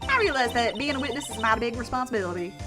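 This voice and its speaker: A woman's voice: on the high side, expressive, very fast, close to an everyday voice. Woman doing a brash Southern photographer gal. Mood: sheepish. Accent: put-on American Southern. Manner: folksy drawl, wheeling and dealing. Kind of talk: reading a video game aloud. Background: game music.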